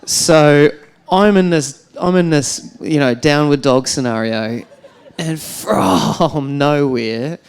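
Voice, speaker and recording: A man's voice: fairly high pitch, slow, clear, resonant tone. A man doing a stand-up comedy routine on stage at a fundraiser, telling wry, self-deprecating stories with lots of fillers.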